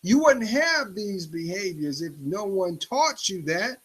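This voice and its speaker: A man giving an emphatic motivational talk in a preachy style, swinging his pitch up and down for effect. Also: very animated, slow, a bit bright, slightly rough, low-quality recording. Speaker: motivational speaker.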